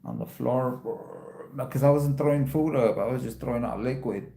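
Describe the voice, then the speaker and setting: A man hosting a casual livestream chat, telling a profane story and jumping his voice up high whenever he quotes himself. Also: normal speed, creaky, dark tone, reverberant. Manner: profane storytelling, voice jumps up when quoting himself. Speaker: livestream host.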